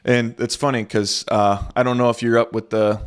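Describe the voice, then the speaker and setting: A man's voice: mid-range voice, flat delivery, normal speed, smooth. A man in his twenties hosting a casual podcast, telling stories in a chatty way with lots of fillers. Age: 20s. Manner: chatty storytelling with many fillers. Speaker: podcast host.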